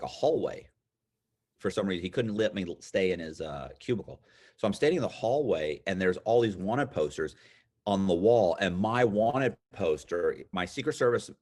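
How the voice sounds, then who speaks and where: A man in his fifties with a lowish voice tells his story as an interview guest. He talks casually and animatedly, slipping into the voices of the people he quotes. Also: a little mellow. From United States. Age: 50s.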